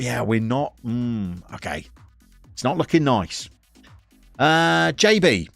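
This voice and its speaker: A man from the English Midlands with a soft Birmingham accent, chatting casually and wryly to his chat while playing a football management game. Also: medium pitch, no echo. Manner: wry, self-mocking chatter to chat. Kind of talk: casual live-stream commentary.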